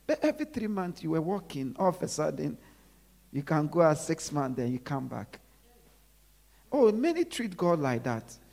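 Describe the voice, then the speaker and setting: A preacher delivering a sermon who repeats phrases and drops to low murmurs between emphatic lines. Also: sing-song, moderate pace, vocal fry, mellow.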